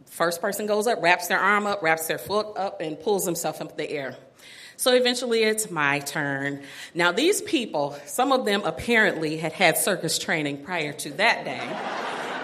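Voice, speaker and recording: A middle-aged woman recounts her own story for a listening audience, self-mocking and quick to laugh. Her pitch swings widely as she talks. Her voice is bright and forceful. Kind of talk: personal story told to an audience.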